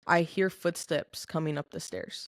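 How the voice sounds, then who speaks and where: A woman's voice: low-pitched, steady tone, unhurried, no echo, studio quality. A young adult woman telling a personal story as a podcast guest, candid and earnest, with lots of filler "like". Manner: candid, filler-heavy speech with frequent "like"; earnest and emotional. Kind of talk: personal testimony in casual chat.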